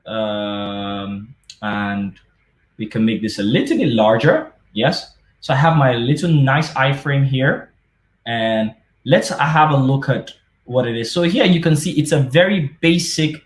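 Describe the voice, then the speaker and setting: A man gives a live-coding talk at a conference in a loose, conversational way, trailing into fillers and correcting himself mid-sentence. His pitch sits in an ordinary middle range. The room around him adds a noticeable echo. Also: measured pace. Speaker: conference speaker. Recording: roomy echo.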